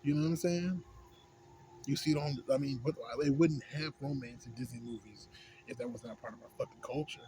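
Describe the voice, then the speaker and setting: A young American man ranting casually at home, rambling with heavy slang and constant swearing, sliding from mumbling to loud, heated outbursts. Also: mid-range voice, fairly even intonation, a little fast, rough recording. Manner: rambling, heavy slang and swearing, frequent "you know what I'm saying". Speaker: vlogger. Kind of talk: casual profane rant. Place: indoors at home, smoking a pipe. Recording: home recording with clear background noise.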